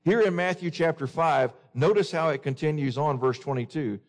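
Male preacher, fairly high voice, earnest sermon delivery, poses questions to the listeners. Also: normal speed.

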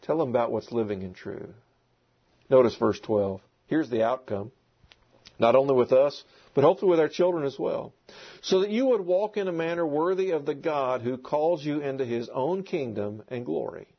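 Gravelly, husky male preacher. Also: mid-range voice, normal speed. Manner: emphatic, repeating key words. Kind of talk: sermon. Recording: dull lo-fi recording.

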